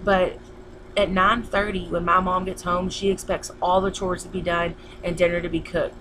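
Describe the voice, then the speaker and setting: Young woman, casual vlog storytelling, lowish voice, rambling with fillers, faint background hiss. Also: flat delivery, moderate pace. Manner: rambling, repeats herself, many fillers. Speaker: vlogger.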